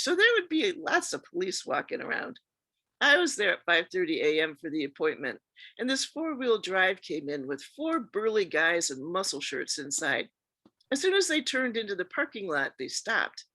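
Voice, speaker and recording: Woman reading stories with lively, bright expression. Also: mid-range voice, no echo. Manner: expressive reading that acts out quoted speech. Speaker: radio show host. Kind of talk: scripted storytelling narration.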